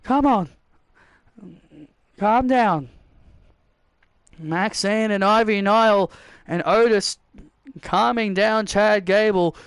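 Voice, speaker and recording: A man giving excitable play-by-play commentary over a wrestling video game, often shouting the calls. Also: sits high, takes it slowly, pauses often, clean tone, no room sound.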